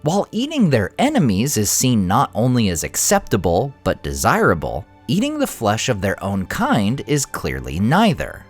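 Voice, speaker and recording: A man hosting a fantasy lore channel, giving expressive scripted narration. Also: lowish voice, moderate pace, few pauses, faint music behind.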